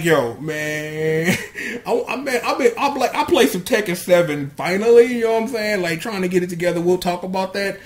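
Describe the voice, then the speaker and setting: A man hosting a solo podcast, reviewing a TV episode in slangy, animated casual commentary. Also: high voice, slight background noise.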